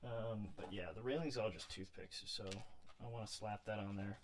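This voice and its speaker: A man's voice: lowish voice, moderate pace, a little hiss or hum. A man building a model pirate ship on a livestream, chatting casually and muttering to himself as he works. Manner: relaxed, muttering to himself between steps. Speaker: miniature crafter livestreaming a build. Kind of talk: casual thinking aloud while crafting.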